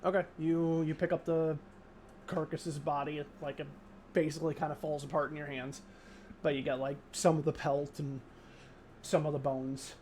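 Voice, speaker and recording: A man's voice: a little high, flat delivery, moderate pace, darkish tone, slight background noise. A man running a tabletop game as game master, rambling through scene descriptions with many fillers and restarts.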